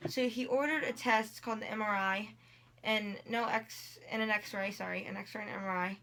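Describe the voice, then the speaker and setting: A woman's voice: mid-range voice, flat delivery, normal speed, sharp tone. A teenage girl telling a long personal story in a casual vlog, rambling with many likes and ums while in pain. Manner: rambling, lots of likes and ums, quotes people in dialogue. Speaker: vlogger.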